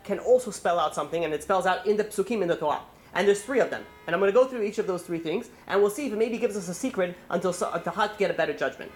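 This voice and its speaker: A man, a rabbi, giving a holiday sermon, telling a story in a quick, rambling way full of restarts and fillers. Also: sits high, slight background noise.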